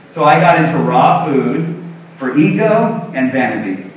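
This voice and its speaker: A man's voice: medium pitch, very animated, fairly quick, background noise. A middle-aged man giving an earnest, self-deprecating motivational talk on stage as a health coach, acting out quotes. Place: large expo hall stage. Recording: very echoey hall, distant mic.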